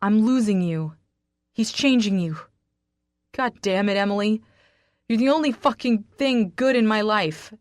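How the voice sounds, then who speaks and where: A woman's voice: medium pitch, a little slow, long pauses, dry recording, clean studio sound, voice pushed up, close to an everyday voice. Woman voicing a heated, brooding young man. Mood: anguished. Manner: heated, cursing.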